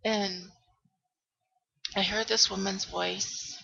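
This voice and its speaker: A middle-aged woman vlogging to her webcam, retelling a frightening day in a halting way, full of ums and restarts. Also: medium pitch, level tone, creaky, bright, forceful tone, dry recording, dull audio. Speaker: vlogger telling a personal story. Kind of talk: emotional personal storytelling to camera.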